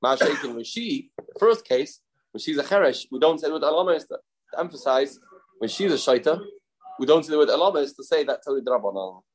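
A man leading a daily Talmud class, his voice sitting a little higher than most men's. He explains quickly, drops in Aramaic terms and often restarts his sentences as he works through the passage. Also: animated, a little hiss or hum, rough recording. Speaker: Talmud teacher.

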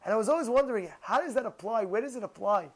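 High-pitched animated rabbi telling stories. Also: male voice, quick pace, rough recording. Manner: animated, repeats phrases, mixes in Hebrew terms. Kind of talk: storytelling Torah talk.

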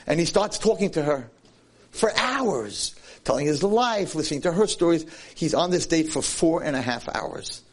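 A man giving a sermon as a Jewish lecturer, telling a story with animated, swinging delivery. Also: fairly high pitch, moderate pace.

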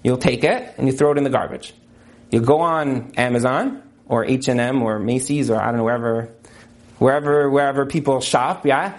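A man's voice: mid-range voice, moderate pace. A man giving a motivational religious talk as a teacher and counselor, emphatic and repeating his key points.

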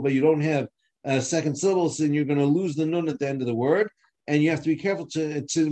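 Halting man teaching a religious class. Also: on the high side, darkish tone. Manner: halting, with many restarts and fillers; explanatory, demonstrating pronunciation. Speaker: Torah teacher. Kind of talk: halacha class lecture.

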